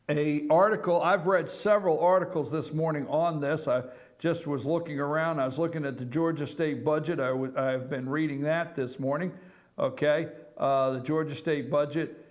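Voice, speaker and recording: Speaking from an office, this man hosts a live online morning show and delivers opinionated commentary. His voice sits fairly high, and he leans on emphatic rhetorical questions that he repeats.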